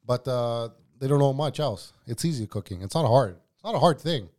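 A man's voice: medium pitch, expressive, fairly quick, a little mellow. A man, a former cook telling kitchen stories in a casual, profane chat. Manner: profane, storytelling, says bro a lot. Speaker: podcast guest, former cook.

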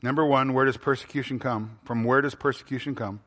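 Man preaching a sermon, mid-pitched. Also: steady tone, a little fast, a bit bright, in a large hall. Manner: asks the congregation questions and answers them himself; repeats phrases for emphasis, with frequent fillers. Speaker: pastor.

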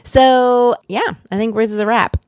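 A woman's voice: a little high, fairly even intonation, moderate pace, dry recording, clean studio sound. A woman co-hosting a podcast in casual chat, playful and teasing, laughing often. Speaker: podcast co-host.

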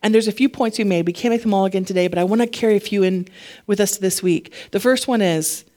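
A woman with a mid-range voice preaches a casual, conversational sermon at a quick pace. She's animated and chatty, and her voice climbs as she gets fired up.

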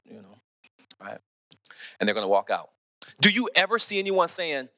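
A man preaching a sermon as pastor, animated, often restarting and asking "okay?". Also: a little high, fast, no room sound. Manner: animated, repeats words, asks "okay?" often.

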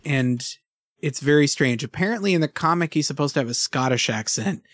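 A man's voice: a little high, lively intonation, a little fast, fairly bright tone, dry recording, clean studio sound. A man co-hosting a casual podcast over a remote call, thoughtful and hesitant with many fillers. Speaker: podcast co-host. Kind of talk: casual chat.

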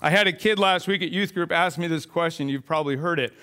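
A man's voice: a little high, fast, smooth. Man telling a funny sermon story. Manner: storytelling, animated, jokey. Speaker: pastor.

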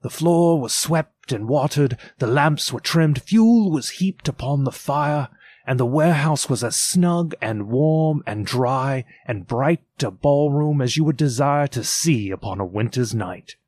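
A man narrates a classic tale in a theatrical, expressive reading voice. His pitch moves in a lively, animated way. The recording is dry and close, with no room sound. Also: unhurried, no room sound. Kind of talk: dramatic audiobook reading.

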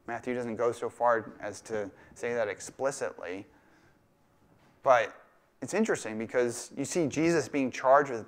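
A man's voice: mid-range voice, a bit bright, smooth. A male pastor preaching a sermon in a casual, conversational way, now and then acting out quoted lines with a laugh. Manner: conversational, acts out quoted voices and jokes.

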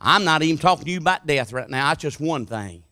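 A man preaches a sermon in a bright, forceful voice pitched a little high. He moves from hushed, confiding lines to loud, impassioned calls. The sound is close and dry, with no room echo. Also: expressive, fast.

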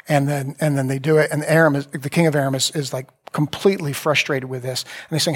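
A pastor preaching a conversational sermon, retelling scripture in a loose, talky way with asides. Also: male voice, mid-range voice, steady tone, fast, husky.

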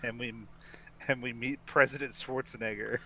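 A man's voice: mid-range voice, steady tone, normal speed, sharp tone, a little hiss or hum. A man co-hosting a podcast, chatting casually through a film recap, rambling with restarts and laughing often. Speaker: podcast co-host.

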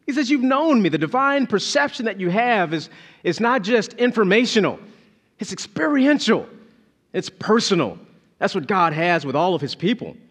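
Male pastor preaching, high voice, lively swooping delivery, emphatic repeats. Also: normal speed. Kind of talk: sermon.

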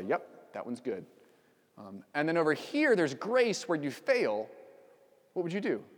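A man's voice: mid-range voice, long reverb tail. A man preaching a sermon as pastor, conversational with frequent fillers and sudden emphatic outbursts. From United States. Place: church sanctuary.

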